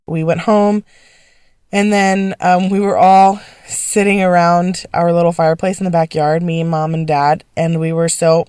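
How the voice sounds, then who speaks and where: A woman's voice: lowish voice, dry recording, clean studio sound. A woman telling a personal story in a casual, emphatic way, speaking as an interview guest. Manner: emphatic, animated, fast-talking.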